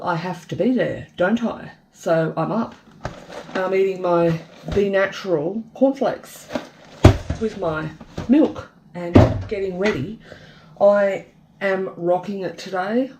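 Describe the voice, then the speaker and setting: A woman's voice: medium pitch, noisy background. An Australian woman vlogging casually from her wheelchair on a street, telling stories in a chatty, self-mocking way. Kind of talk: casual vlog to camera.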